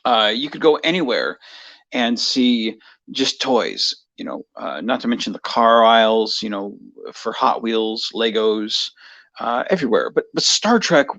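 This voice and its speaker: A man's voice: mid-range voice, animated, measured pace, fairly bright tone. A man rambling through a casual personal monologue for his video, full of fillers and restarts. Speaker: vlogger.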